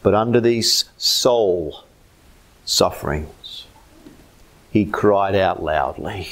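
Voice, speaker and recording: A man with an Australian accent preaching a sermon as pastor, swinging between loud emphatic lines and low hushed ones. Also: drawn-out words.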